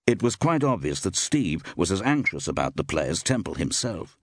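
A man narrating an audiobook in an expressive, measured storytelling manner. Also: low-pitched, no echo, clean studio sound.

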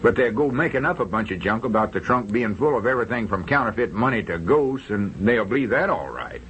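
An actor playing a bossy, folksy older storekeeper in an old-time radio comedy. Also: male voice, medium pitch, lively intonation, a little fast, a bit bright, dull audio, slight background noise, natural voice. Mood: grumbling. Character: exasperated older male country storekeeper.

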